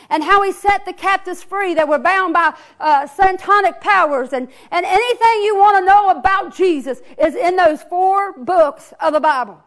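High-voiced woman preaching a story sermon. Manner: storytelling with repeated words and restarts. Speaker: preacher and children's church teacher.

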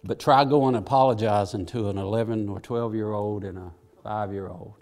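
A man's voice: lowish voice, fairly even intonation, normal speed, darkish tone. An older man, a preacher telling homespun stories in a chatty, self-deprecating way with lots of asides. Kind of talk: folksy sermon storytelling.

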